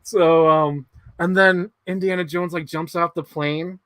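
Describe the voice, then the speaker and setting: Excitable man rambling on a livestream. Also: sits high, moderate pace, no echo. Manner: excited, rambling, swears freely. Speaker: livestream host. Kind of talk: casual chat.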